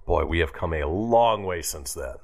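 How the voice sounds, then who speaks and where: A man's voice: sits low, lively intonation, normal speed, vocal fry. A man hosting a radio show, chatting casually and laughing as he reads out a history segment.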